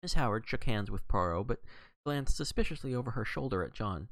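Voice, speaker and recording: A man reads a novel aloud in a lively voice with wide swings of pitch. His tone has a gravelly grain, and he now and then stumbles and corrects himself. The recording is dry and close. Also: brisk, no room sound. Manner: lively reading with occasional stumbles and self-corrections. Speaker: reader.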